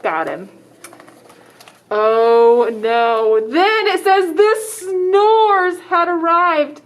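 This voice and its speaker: A woman librarian reading a picture book aloud to children, dramatic in the exciting parts and stopping to ask the listeners questions. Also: a little high. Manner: expressive, dramatic exclamations, asks children questions.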